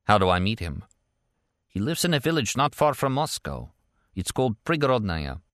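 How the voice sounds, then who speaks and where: A man reading a thin, mournful spy contact in an audiobook, mumbling low and guarded. The voice is deep-set and dry. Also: very animated, normal speed, fairly bright tone, no room sound. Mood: conspiratorial. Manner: low, murmured.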